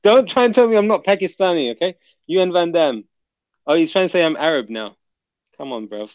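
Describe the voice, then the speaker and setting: A man's voice: a little high, fairly quick, no room sound, lo-fi sound. A man hosting a live stream, chatting casually and reading out viewer comments in a laid-back, joking way.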